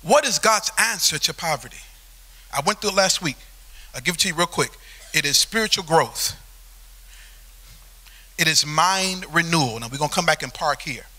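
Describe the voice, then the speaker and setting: A man preaching a sermon as pastor, telling a story in an animated way that swells into shouting. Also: fairly high pitch, moderate pace, long pauses. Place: church sanctuary.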